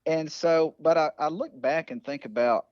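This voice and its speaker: A man's voice: fairly high pitch, normal speed, darkish tone, dry recording. Louisiana man, folksy guest storyteller, dull dry recording. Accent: Southern US, Louisiana. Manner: folksy storyteller, many "you know" fillers. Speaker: podcast guest. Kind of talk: casual chat.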